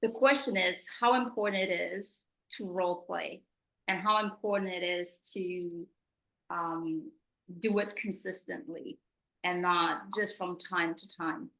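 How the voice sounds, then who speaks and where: Gravelly low-voiced woman hosting. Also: fairly even intonation, measured pace, fairly bright tone, poor audio. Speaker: interview host. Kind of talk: interview questions.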